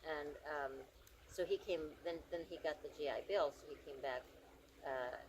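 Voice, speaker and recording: A woman guest in a casual interview, speaking gently with frequent fillers and pauses. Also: low voice, slight background noise, rough recording.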